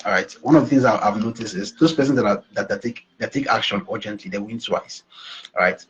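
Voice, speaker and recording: A man's voice: lowish voice, quick pace, a bit bright, dull audio, slight background noise. A male business coach giving a motivational talk over a call, emphatic, repeating phrases and checking in with "all right". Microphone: video call.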